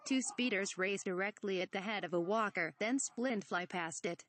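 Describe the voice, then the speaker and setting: A woman's voice: mid-range voice, moderate pace, a bit bright, a little hiss or hum. Woman reading a parody script. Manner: reads stage directions and speaker names. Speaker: reader.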